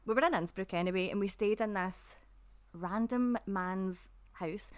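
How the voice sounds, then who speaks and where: A woman's voice: mid-range voice, measured pace. A young Scottish woman co-hosting a podcast, telling travel stories in casual chat, laughing often and acting out quotes. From Scotland. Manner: animated storyteller, laughs often, acts out quotes. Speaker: podcast co-host.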